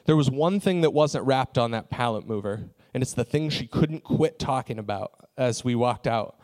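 A man preaching, telling a personal story in a relaxed, conversational way with frequent fillers. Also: mid-range voice, normal speed. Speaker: pastor. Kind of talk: sermon story.

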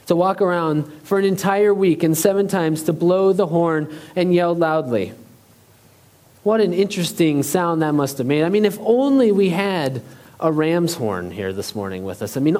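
A man's voice: on the high side, darkish tone. A man preaching a sermon as pastor, speaking conversationally and asking the congregation questions.

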